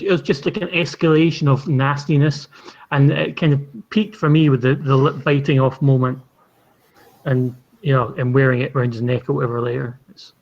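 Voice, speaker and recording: Man guest, mid-pitched, halting, muffled lo-fi recording. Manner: hesitant, many restarts, amused. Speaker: panel guest. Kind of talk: casual panel chat. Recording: dull lo-fi sound.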